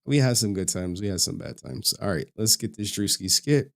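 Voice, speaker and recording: A man's voice: fairly low pitch, expressive, moderate pace, gravelly. A man chatting casually as a streamer, laid-back and talkative while reacting to a video.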